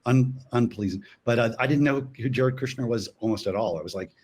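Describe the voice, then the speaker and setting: A man, a cartoonist guest on a panel, who speaks in a halting, thoughtful way with many restarts. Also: mid-range voice, a little mellow, husky. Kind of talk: casual panel chat.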